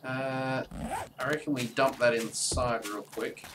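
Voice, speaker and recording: A man talks through a live gameplay stream in a loose, rambling way, breaking into sudden excited outbursts. He sits well back from the microphone. A loud hiss of background noise runs under everything he says. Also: mid-range voice, slow, far from the mic. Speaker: let's play streamer.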